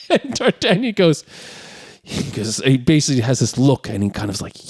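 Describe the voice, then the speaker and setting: A man's voice: mid-range voice, animated, a little fast, darkish tone, dry recording, studio quality. A man co-hosting a casual movie podcast, recapping scenes and acting out the characters' lines as he goes. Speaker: podcast co-host.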